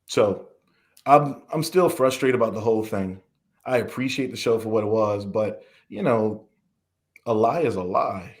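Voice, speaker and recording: As a podcast guest, this man from the American South talks at a moderate pace in a fairly low voice. He rambles in frustration and acts out the questions put to him.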